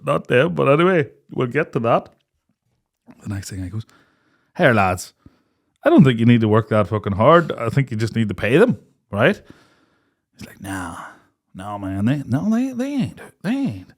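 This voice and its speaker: An Irish man in his twenties or thirties spins a rowdy anecdote for a podcast, swearing often and slipping into the voices of the people he quotes. His voice sits in a middle pitch and his laughter keeps breaking through. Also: normal speed, pauses often. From Ireland. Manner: animated, laughing, swears freely, acts out quotes. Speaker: podcast co-host. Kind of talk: casual storytelling chat.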